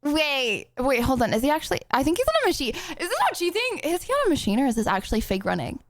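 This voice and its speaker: A young woman live-streaming in a chatty, giggly way, her high voice jumping all over the place. She sounds slightly out of breath as she talks to her viewers. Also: big pitch swings, quick pace. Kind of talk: casual live-stream chat.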